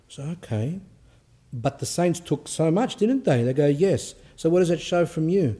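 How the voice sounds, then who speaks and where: A male priest giving an informal, lively sermon, telling stories with acted quotes. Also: a little high, normal speed. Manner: animated storytelling with acted quotes.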